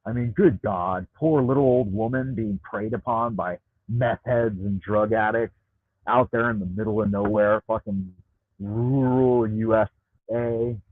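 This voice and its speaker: A man's voice: lowish voice, lively intonation, a little slow, dry recording. Profane ranting man over tinny Bluetooth. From United States. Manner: profane, rambling, repeats words when heated. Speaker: livestream host reading chat. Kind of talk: ranting live chat. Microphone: Bluetooth headset. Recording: tinny dry Bluetooth audio.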